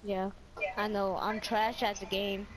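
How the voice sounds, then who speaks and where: A woman's voice: medium pitch, little pitch movement, a little slow. A woman streaming a video game, chatting casually and trash-talking her teammates. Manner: loud trash talk, swearing. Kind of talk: casual chat while gaming. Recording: loud game noise behind.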